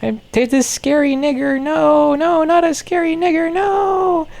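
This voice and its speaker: A speaker putting on the voice of a frightened young girl playing with toys, shrill and melodramatic. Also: fairly even intonation, a little slow, gravelly, darkish tone. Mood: panicked.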